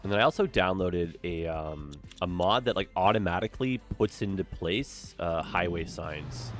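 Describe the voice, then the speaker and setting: A man with a lowish voice chats his way through a city-building stream, his pitch swinging widely between mumbled asides and loud outbursts. Faint music plays behind him. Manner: chatty, easily distracted, dramatic exclamations. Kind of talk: casual gameplay commentary.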